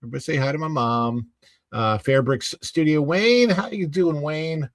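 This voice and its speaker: A man's voice: a little high, normal speed, no room sound. A man in his forties hosting a live podcast, chatting casually and playfully with his viewers and laughing often. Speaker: livestream podcast host.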